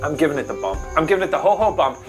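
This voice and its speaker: A man co-hosting a casual show, telling ghost stories with dry, deadpan jokes. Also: on the high side, rapid-fire, over music. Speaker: co-host.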